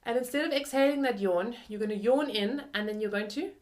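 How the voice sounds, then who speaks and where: A woman's voice: on the high side, fairly quick, a little mellow. A young adult woman teaching flute in a friendly, chatty way, often using "like" and "kind of". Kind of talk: video lesson.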